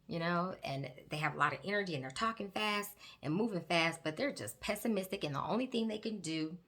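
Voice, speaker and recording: Chatty, gravelly-voiced woman host. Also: lowish voice, brisk. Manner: chatty, animated, addresses viewers directly. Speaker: host, psychiatric nurse practitioner. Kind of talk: casual educational chat while doing makeup. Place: home, doing makeup on camera.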